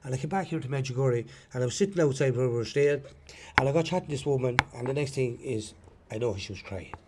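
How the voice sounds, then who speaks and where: A man's voice: mid-range voice, expressive, fast, darkish tone, slight background noise. A man with an Irish accent, giving an earnest, rambling personal testimony and repeating himself as he tells stories. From Ireland. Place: outdoors at a pilgrimage site.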